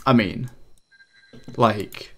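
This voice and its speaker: A man talking casually over his own gameplay, chatty and excitable, laughing often and poking fun at himself. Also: fairly low pitch, extremely slow, a little hiss or hum. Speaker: gaming channel host.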